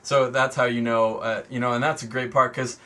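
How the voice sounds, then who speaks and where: A man with a mid-range voice and a bright, tense tone chats about a film on a podcast. He hesitates and trails off now and then as he talks. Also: medium pitch, little pitch movement, fairly quick. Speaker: podcast co-host. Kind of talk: casual movie review chat.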